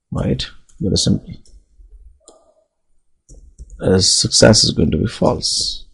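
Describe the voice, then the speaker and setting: A man's voice: mid-range voice, husky, low-quality recording. A man teaching object-oriented programming, talking through code as he types it, with frequent "okay" and "you know" fillers. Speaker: programming instructor. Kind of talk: live coding tutorial.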